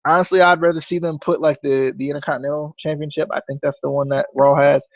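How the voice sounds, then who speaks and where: A young man hosting a casual wrestling review podcast, rambling and stammering, often repeating words when he gets excited. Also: on the high side, fast, no echo, muffled recording. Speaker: podcast host.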